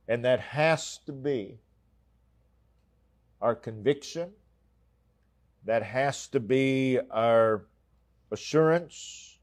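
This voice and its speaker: Male church preacher, measured unhurried delivery, emphatic repetition. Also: medium pitch. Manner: slow, emphatic, repeating key phrases. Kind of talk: sermon.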